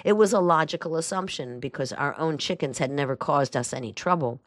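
A woman with a low, deep speaking voice narrates a first-person memoir in a dry, even way. The sound is close and dead, with no room around her. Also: brisk, dry recording. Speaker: audiobook narrator.

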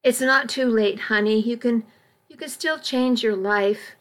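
A woman voicing a caring, firm middle-aged aunt in an audiobook, gentle but stern and pleading. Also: fairly high pitch, a little slow. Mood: concerned, stern. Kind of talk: audiobook reading.

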